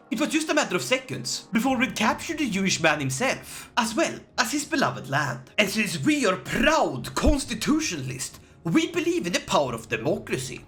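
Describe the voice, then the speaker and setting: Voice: medium pitch, fairly bright tone. A gaming channel host giving scripted, joking narration of a strategy game playthrough. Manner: playful, jokey, does silly voices. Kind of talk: scripted gameplay narration with jokes.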